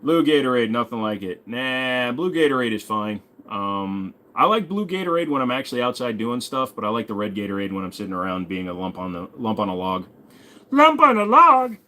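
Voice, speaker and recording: A man's voice: on the low side, a little fast, few pauses, fairly bright tone. A man in his forties hosting a casual livestream, reading out viewer questions and joking back in a laid-back way with some swearing. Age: 40s. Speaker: host.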